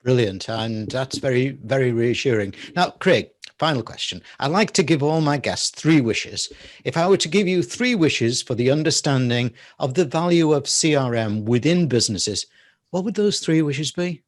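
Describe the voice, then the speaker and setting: A man's voice: medium pitch, animated, moderate pace, no room sound. Male talk show host, keeps saying yeah, asks formal questions, dead dry sound. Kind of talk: interview host.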